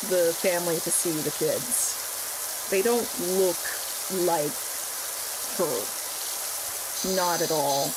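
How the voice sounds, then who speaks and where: Animated woman streamer telling a story. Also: noisy background. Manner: animated, acts out quoted lines with big pitch jumps. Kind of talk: casual storytelling while gaming.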